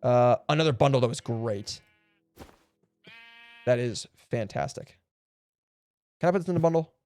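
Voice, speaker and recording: A man streaming a game live, chatting casually and excitably, swearing and laughing often, and cooing at the animals he meets. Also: medium pitch, moderate pace. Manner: coos affectionately at in-game animals. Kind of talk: casual live gameplay commentary.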